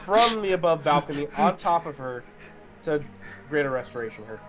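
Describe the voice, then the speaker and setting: A man's voice: fairly high pitch, lively intonation, normal speed. A man playing a tabletop game, insistently repeating his character's plan. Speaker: player. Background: music underneath.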